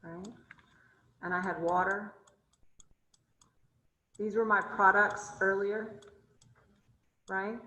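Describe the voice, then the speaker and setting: A woman's voice: medium pitch, steady tone, takes it slowly, long pauses, bright, forceful tone, echoey room, poor audio. A woman chemistry instructor teaching an online class, asking her students question after question and thinking aloud as she draws. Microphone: video call.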